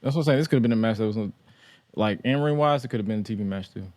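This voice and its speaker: A man co-hosting a casual wrestling talk show, relaxed, joking and opinionated. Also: lowish voice, very fast. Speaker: podcast co-host.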